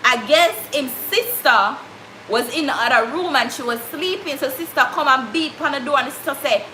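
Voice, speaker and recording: A woman's voice: high-pitched, moderate pace, bright, forceful tone. A young Jamaican woman with a Jamaican accent, telling a story in casual chat and slipping into patois. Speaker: vlogger. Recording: echoey room, faint background noise.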